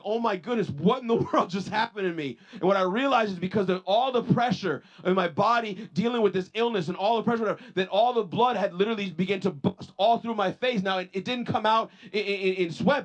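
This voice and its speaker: A male pastor preaching a sermon, telling personal stories with many repeated restarts and rising emphasis on his points. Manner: rises in pitch and force on points of emphasis.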